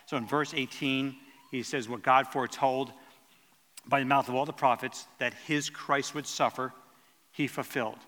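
A man's voice: mid-range voice, steady tone, moderate pace, fairly bright tone, in a large hall. A man preaching a sermon in an earnest teaching tone, stumbling and restarting as he explains the verses.

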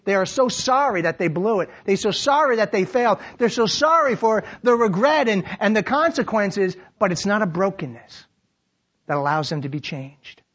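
A man preaching a sermon, animated, acting out quoted lines and dropping to a hushed tone to reflect. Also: high voice, normal speed, husky. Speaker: pastor. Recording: dull lo-fi sermon recording.

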